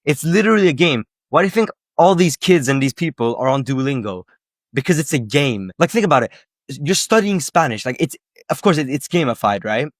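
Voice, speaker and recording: A man's voice: mid-range voice, animated, a little fast, dry recording, studio quality. A man coaching viewers on learning Spanish, talking to camera in an emphatic, persuasive way, full of rhetorical questions and casual fillers. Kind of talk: casual direct-to-camera teaching.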